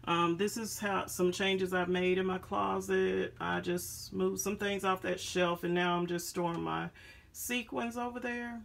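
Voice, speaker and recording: Low-leaning, fairly even in intonation and a little slow, this woman's voice has vocal fry. She's a craft haul vlogger showing her supplies in a casual chat from her home craft room, full of ums and calling viewers "guys."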